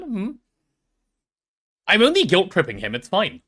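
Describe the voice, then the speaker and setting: A man's voice: high-pitched, wildly swooping pitch, a little slow, long pauses, fairly bright tone, breathy edge. A young man with a posh London accent chatting casually on a live stream, reading chat aloud and hamming up mock drama. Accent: London English. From England.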